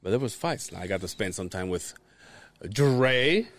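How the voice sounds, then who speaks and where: A man's voice: fairly low pitch, unhurried. A man co-hosting a podcast, telling stories in a loose, swearing, laugh-filled way. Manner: animated, swearing, laughs through his stories. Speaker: podcast co-host. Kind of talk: casual storytelling chat.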